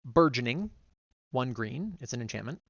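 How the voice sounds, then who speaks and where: A man streaming as a vtuber, casually reading game card text aloud one card after another, quick and run-on. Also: medium pitch, expressive, fairly bright tone, no echo, dull audio.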